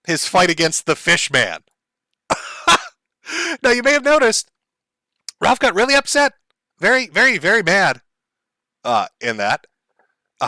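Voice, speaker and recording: High bright-voiced mocking male streamer. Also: sing-song, normal speed, pauses often, no echo, clean studio sound. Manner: mocking, crude, laughs often. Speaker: streamer host. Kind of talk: profane comedic commentary.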